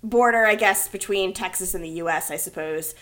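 A woman co-hosting a casual movie review chat, animated and exasperated, laughing often. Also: mid-range voice, brisk. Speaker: podcast co-host.

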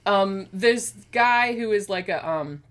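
A woman casually discussing a horror film as a podcast co-host, chatty and animated, laughing often. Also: mid-range voice, slow pace.

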